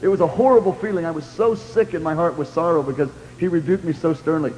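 A man preaching a sermon testimony, telling his story in an animated, repetitive way. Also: a little high, fast talker. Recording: long hall reverb, faint ambience.

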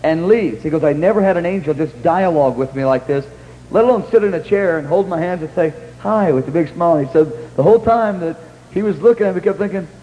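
A man's voice: a little high, quick pace, lo-fi sound. A man retelling a shared story, quoting others and prompting his partner to go on. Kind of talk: conversational retelling. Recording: long hall reverb with faint hum.

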